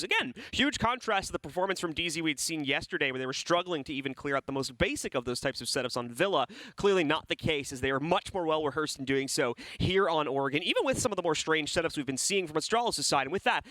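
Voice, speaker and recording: Young male esports caster, quick bright delivery, slightly high voice. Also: dry recording. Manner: fast, energetic, joking with co-caster. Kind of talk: play-by-play commentary.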